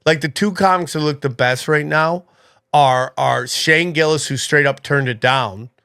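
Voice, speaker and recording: A man of Armenian heritage hosting a podcast in a casual, animated, rambling way. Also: measured pace, creaky, clear, resonant tone. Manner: animated, rambling, jumps up in pitch when excited. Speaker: podcast host.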